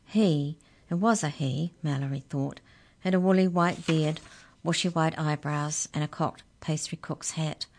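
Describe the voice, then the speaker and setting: A woman reading a children's story aloud as narrator, clear and expressive. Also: sits low, measured pace, a little hiss or hum.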